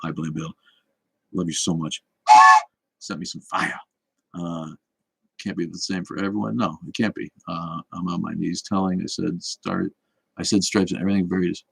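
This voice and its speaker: Deep husky dude chatting on a stream, snarky, lots of restarts, dry sound. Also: male voice, flat delivery, moderate pace, no echo, poor audio. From Boston area. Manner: snarky, rambling, with many restarts. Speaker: livestream host answering chat. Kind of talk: casual livestream chat.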